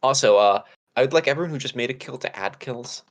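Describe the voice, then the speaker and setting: A man narrating as game master in a relaxed, hesitant way, with many filler words. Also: medium pitch, fast.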